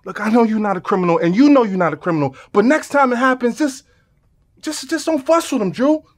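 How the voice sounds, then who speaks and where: An actor playing a playful, teasing young man who runs a youth program with his friends. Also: extremely high pitch. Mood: earnest. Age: young adult. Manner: playful, teasing, quick to laugh. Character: upbeat joking young man, Theo.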